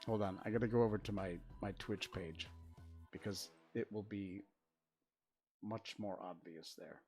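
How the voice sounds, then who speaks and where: A man's voice: lowish voice, steady tone, unhurried, a little mellow, faint music behind. An older man chatting casually on a livestream from his home studio, rambling and dryly sarcastic as he reads his chat. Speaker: livestream host. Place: spare-bedroom streaming studio. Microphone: desk setup facing a webcam.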